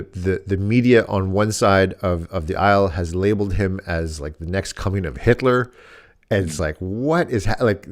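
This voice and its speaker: Male podcast co-host, very low voice, casual, meandering storyteller. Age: adult dad. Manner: rambling, many restarts and "like" fillers.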